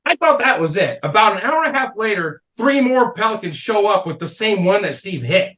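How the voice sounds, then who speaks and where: A man with a fairly high voice tells a wild story on a casual comedy podcast. He is loose and profane and laughs through his own tale. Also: fairly quick. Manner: animated storyteller, swears a lot, laughs mid-story. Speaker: podcast guest.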